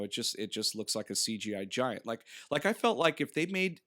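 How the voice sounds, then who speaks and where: A man's voice: medium pitch, a bit bright. A man in his thirties co-hosting a podcast, chatting casually through a movie review in a rambling way, laughing often and acting out bits of dialogue. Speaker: podcast co-host. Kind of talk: casual film review chat.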